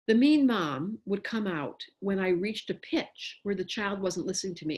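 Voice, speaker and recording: A middle-aged woman giving a casual talk to parents as an astrologer, animated and acting out what she would say to a child. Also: medium pitch, normal speed, hardly any pauses.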